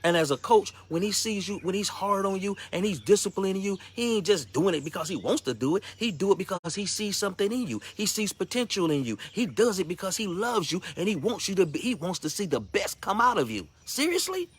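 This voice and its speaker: Male minister, slightly high, lively delivery; casual slang, repeated exhortations in a coach's style. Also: fairly quick, few pauses, slightly rough. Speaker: ministry speaker. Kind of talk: motivational devotional talk.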